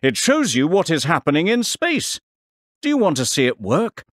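A man's voice: a little high, wildly swooping pitch, normal speed, no room sound, clean studio sound, voice pushed up. A man voicing a cheerful, busy inventor in an audio story for an English course. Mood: welcoming.

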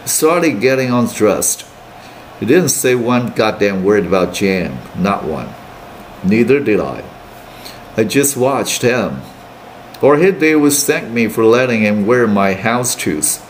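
A man teaching English, reading a novel aloud in steady plain narration with brief Mandarin asides. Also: fairly low pitch, takes it slowly, slight background noise.

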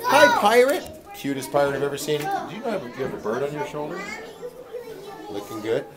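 Man, event host, upbeat playful banter, lively swinging pitch, crowd chatter behind. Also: brisk. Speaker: roving host greeting trick-or-treaters. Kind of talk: on-the-spot event coverage. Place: busy theatre at a Halloween event.

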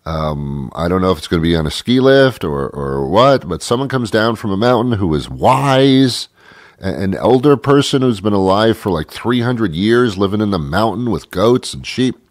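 A man's voice: on the low side, lively intonation, normal speed, dry recording, studio quality. A man hosting a talk show, musing aloud in a rambling monologue with frequent stammered restarts, while he has a cold.

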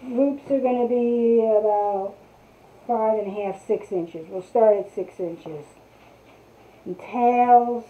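Woman, craft live-stream host, casual chatty tutorial, higher voice, tinny phone-like sound. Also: slow pace. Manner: chatty, greets viewers while working.

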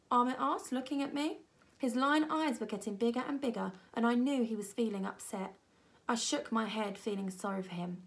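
Expressive woman storyteller reading a children's book, slightly gravelly voice. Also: normal speed. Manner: expressive storytelling, voicing children with raised pitch. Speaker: reader. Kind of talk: reading a children's novel aloud. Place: primary school.

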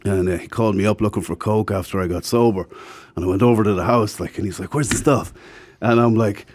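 This fast-talking guest has a fairly low pitch and an Irish accent. He tells his stories candidly and casually, throwing himself into impersonations of anyone he quotes.

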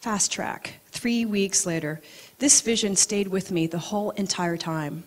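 A woman who practises acupuncture gives a talk, telling a personal story in a lively, animated way. She laughs easily and sometimes drops to a soft, hushed tone for emphasis. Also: mid-range voice, measured pace, slight background noise.

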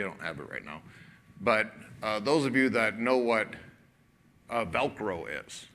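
With a mid-range voice and a little hiss or hum in the background, a man preaches a sermon like he's chatting, using fillers. He animates a story by playing both characters in the dialogue.

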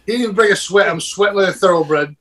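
A man with a notably high speaking voice rambles through a profane story among friends. He laughs often and talks in loose, casual banter. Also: fast talker, a bit bright. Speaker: podcast co-host.

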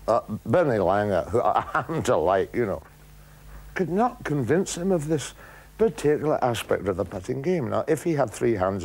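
A man playing an eccentric, boastful Scottish golf coach with a Scottish accent, rambling deadpan through his memories in a comic monologue. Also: on the low side, slightly rough, exaggerated voice. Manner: deadpan rambling reminiscence with dry asides.

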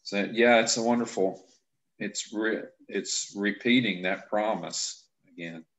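A Bible class instructor leads an easygoing discussion of scripture verses, explaining them step by step. His fairly low voice has a fairly bright tone, and he thinks aloud haltingly, frequently restarting his sentences.

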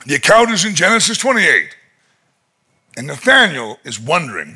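A man preaching a conference sermon, retelling a story dramatically and acting out its voices, rising to shouts at its peaks. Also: on the high side, big pitch swings, normal speed, long pauses, slightly rough. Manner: shouts in climactic moments. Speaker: pastor. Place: conference hall.

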